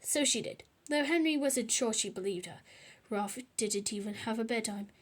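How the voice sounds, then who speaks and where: Lady reading a kids' book aloud, high-pitched, chats between pages. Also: normal speed. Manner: chatty asides. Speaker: storyteller.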